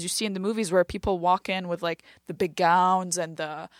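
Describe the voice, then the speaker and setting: Young female comedian from Lebanon, animated storyteller, dry close-miked read. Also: fairly low pitch, brisk, dry recording. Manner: animated storytelling, acts out quoted voices. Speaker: comedian guest. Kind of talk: casual chat.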